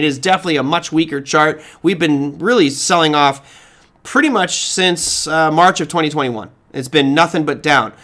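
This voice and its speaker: Animated, high-pitched man on live markets stream. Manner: conversational, animated, rhetorical questions, frequent restarts. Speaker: market analyst host answering viewer questions.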